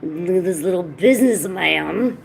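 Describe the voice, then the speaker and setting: A woman's voice: lowish voice, lively intonation, moderate pace, vocal fry, noisy background. A woman chatting casually at home while painting, slipping into playful baby talk with her cats and teasing them. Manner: teasing, chatty, laid-back. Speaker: art streamer.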